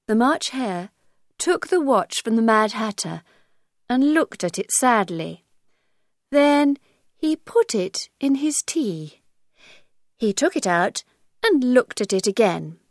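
A woman narrating a graded reader story for learners, reading slowly, clearly and deliberately. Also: medium pitch, lively intonation, no echo, studio quality.

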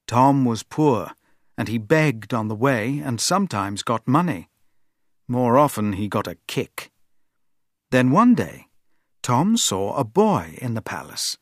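A man reading a story aloud for a language textbook, in an expressive, clear storytelling manner. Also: mid-range voice, slow, dry recording, clean studio sound. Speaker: narrator. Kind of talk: scripted textbook story narration.

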